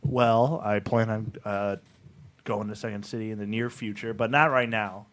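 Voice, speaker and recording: A young man, a band member guesting on a podcast, trading deadpan jokes and improvised bits in casual chat. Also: fairly low pitch, moderate pace. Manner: jokey, deadpan improv humor. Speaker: guest musician.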